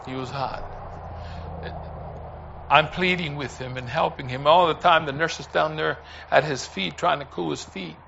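A man preaching a sermon, telling a story in an impassioned, pleading way that swings from hushed telling to shouting. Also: fairly high pitch, steady tone, normal speed, creaky, dull audio, a little hiss or hum.

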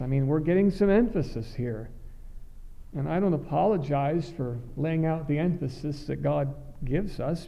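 Gravelly middle-aged preacher, lo-fi. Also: male voice, a little high. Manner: earnest, repeats words, halting restarts. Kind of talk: sermon.

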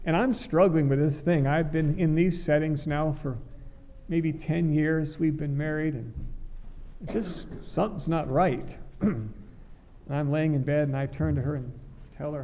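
A middle-aged man preaching a sermon, earnest and halting, often repeating words as he restarts. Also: on the high side, dull audio.

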